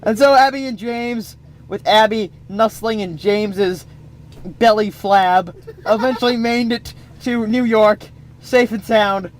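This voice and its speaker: A man's voice: sits high, measured pace. A man improvising a comic story, rambling with playful asides.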